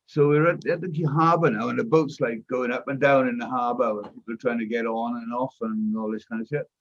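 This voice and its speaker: An older man hosting a casual chat, telling a loud, profane anecdote with lots of energy. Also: mid-range voice, fairly quick. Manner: profane, animated anecdote-teller. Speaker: host. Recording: dull, lo-fi audio.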